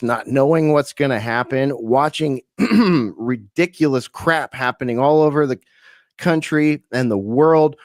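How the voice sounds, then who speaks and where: A man's voice: medium pitch, smooth, no echo, clean studio sound. A man from California hosting a live-streamed radio show, rambling casually with lots of fillers and the odd swear.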